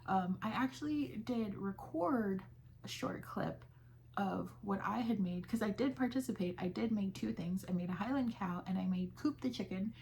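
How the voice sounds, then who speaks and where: A young woman chats casually about her crochet business, retelling conversations with plenty of fillers. Her voice is mid-pitched with a gravelly fry running through it. Faint noise sits behind her. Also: normal speed, a little mellow. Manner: chatty, with fillers and quoted dialogue. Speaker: crochet vlogger. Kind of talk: casual chat.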